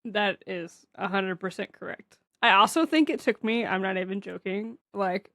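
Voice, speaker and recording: A woman's voice: medium pitch, normal speed, a bit bright, dry recording, clean studio sound. A woman co-hosting a comics podcast, speaking casually and emphatically and laughing often. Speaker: podcast co-host.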